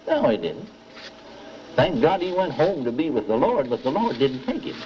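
An older preacher with a Texas drawl tells a story, acting out each voice and asking for amens. His pitch swings widely as he builds. The recording is muffled and old, with a faint hiss underneath. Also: moderate pace. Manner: animated storytelling, repeats dialogue, asks audience for amens. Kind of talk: sermon with story.

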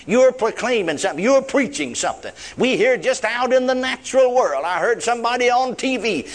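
A man's voice: extremely high pitch, lively intonation, fairly quick. An older man preaching a sermon, repeating key words with emphatic stress, drawing words out and dropping in praise interjections, in a folksy way of talking.

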